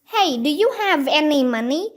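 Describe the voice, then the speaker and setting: A woman's voice: high-pitched, sing-song, moderate pace. A woman voicing a sensible, cautious young boy who speaks in a level, matter-of-fact way.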